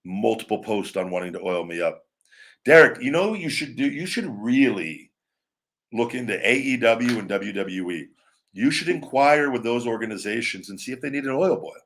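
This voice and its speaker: A man's voice: mid-range voice, lively intonation, normal speed, a bit bright. A man hosting a live show, talking casually in a rambling way with many restarts and asides to viewers. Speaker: show host. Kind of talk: casual live-stream chat.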